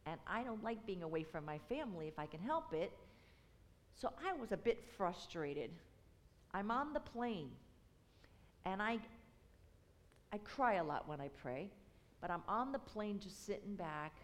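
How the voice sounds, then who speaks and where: A woman's voice: medium pitch, in a large hall. A woman earnestly telling a personal faith story as a university outreach representative, her voice rising into fervent emphasis. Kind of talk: personal testimony.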